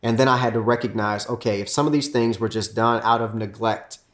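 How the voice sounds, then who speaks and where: A man's voice: steady tone, fairly quick, fairly bright tone. A middle-aged man and pastor teaching on marriage alongside his wife, earnest and given to acting out remembered arguments. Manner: earnest, acts out quoted arguments with rising pitch.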